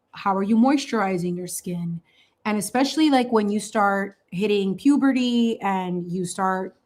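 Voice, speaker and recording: A woman in her thirties runs a craft channel, chatting casually with a sassy, animated energy, tossing in slangy asides and laughing often. Her voice sits a little high.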